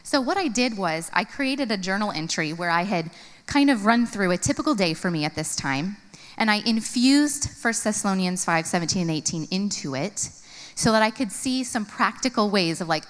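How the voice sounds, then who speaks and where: A woman in her thirties reads from her journal at a women's conference. She tells it with earnest feeling, and her pitch rises high on questions. Her voice rings in a large hall with a long echo. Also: moderate pace. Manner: earnest, storytelling, expressive swings in pitch. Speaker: conference speaker. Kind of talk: reading a personal journal aloud to an audience.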